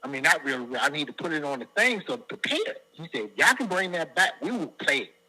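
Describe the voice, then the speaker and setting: A middle-aged man from the Washington DC area, guesting as a singer in an interview, tells stories and acts out what other people said. His voice is a little high, brisk and husky, and the recording quality is low.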